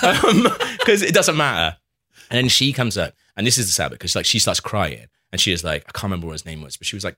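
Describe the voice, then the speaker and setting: A man's voice: medium pitch, big pitch swings, rapid-fire, pushed and bright, no echo, clean studio sound. A young man casually telling a long anecdote, acting out the quotes and laughing often. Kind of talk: casual chat, storytelling.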